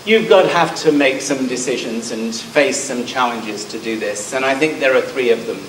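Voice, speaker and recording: A man's voice: mid-range voice, normal speed, a bit bright, a little hiss or hum. A middle-aged man from Scotland with a southern English accent, giving a conference talk with frequent ums and a self-deprecating manner. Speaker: conference speaker. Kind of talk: conference presentation. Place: conference hall. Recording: roomy hall sound from a distance.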